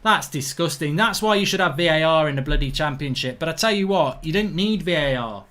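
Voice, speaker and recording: Reading viewer comments on his live football watchalong, a middle-aged man from England with a slightly high voice gets indignant about dreadful refereeing, speaking bluntly and colloquially. He sounds expressive, a little fast, and a bit bright.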